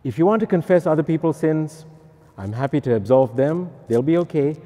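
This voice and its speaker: A man's voice: on the high side, fairly quick, in a large hall. A male Catholic priest giving a humorous, teasing talk to pilgrims. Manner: joking, lively, teasing.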